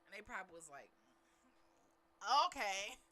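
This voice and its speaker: A woman's voice: fairly high pitch, lively intonation, moderate pace, sharp tone. A woman giving a preachy, emphatic motivational talk on a live stream. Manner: preachy and emphatic, with African American English grammar.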